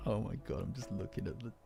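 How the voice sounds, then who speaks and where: A man's voice: lowish voice, brisk, gravelly, fairly bright tone, faint music behind. Rambling self-mocking male streamer. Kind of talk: casual chat.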